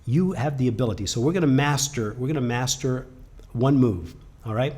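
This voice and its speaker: Man voicing a calm old karate master. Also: fairly quick, natural voice. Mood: reassuring. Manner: low, hushed, reassuring. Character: calm, wise older male karate master.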